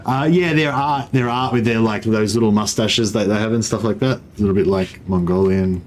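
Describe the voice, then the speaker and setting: A man's voice: lowish voice, fairly even intonation, fairly quick, darkish tone, slight background noise. A man streaming a strategy game, chatting in a rambling way and greeting viewers. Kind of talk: casual livestream commentary.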